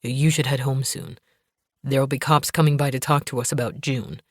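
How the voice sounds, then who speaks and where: A tense young husband, blunt and worried, his lines pushed down low, as a woman narrator voices him. Close and dry, with no room around it. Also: fairly even intonation, normal speed, slightly rough, dry recording.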